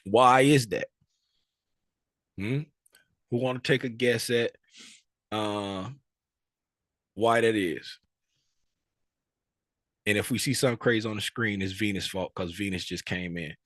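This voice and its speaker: A man with a fairly low voice leads a live trading lesson, firing questions at his students and circling back to the same point again and again. His voice is close and dry, with no room sound around it. He checks in constantly with "right?" and "okay?". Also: a little slow, long pauses, a bit bright, no room sound. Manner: quizzing students, repeating key points, tag questions. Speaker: trading instructor. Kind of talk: live teaching session with students.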